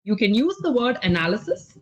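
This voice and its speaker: A woman's voice: fairly high pitch, sing-song, a little fast, darkish tone. A woman with an Indian English accent teaching spoken English in an online lesson, patient and explanatory, often checking that the learner follows. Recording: slightly dull lo-fi audio.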